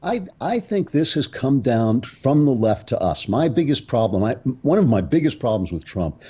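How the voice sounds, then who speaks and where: A man's voice: mid-range voice, sing-song, normal speed, warm tone, breathy edge, muffled recording. A man arguing as a debate guest, emphatic and impassioned. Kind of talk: political debate.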